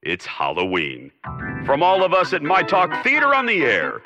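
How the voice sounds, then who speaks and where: A man's voice: a little high, wildly swooping pitch, normal speed, big-room sound, highs cut off, music in the background. Theatrical man with sweeping delivery. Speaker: radio theater host. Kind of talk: theatrical radio sign-off.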